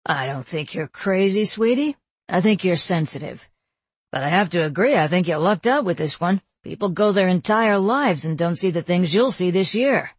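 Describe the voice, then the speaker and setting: A woman's voice: fairly low pitch, lively intonation, moderate pace, slightly rough, no echo. A woman reading as a fond, reassuring father. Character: warm encouraging middle-aged father.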